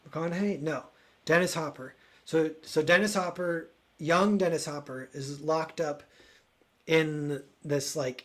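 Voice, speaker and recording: Guy rambling on stream, kinda high voice, lots of likes and ums. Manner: rambling, searching for words, lots of fillers; voices quoted characters loudly. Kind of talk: casual chat.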